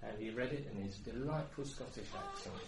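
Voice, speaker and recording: A man's voice: mid-range voice, fairly quick. Middle-aged man, sermon, earnest preaching, roomy echo, heard from afar. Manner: earnest, swings from quiet storytelling to loud exhortation. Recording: echoey room, heard from a distance, background noise.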